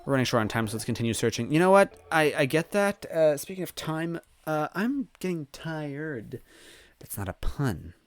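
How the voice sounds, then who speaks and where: A man hosting a let's play, reading the game's text aloud and answering it with jokes and quick laughs. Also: on the high side, dry recording. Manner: animated, joking, quick laughs.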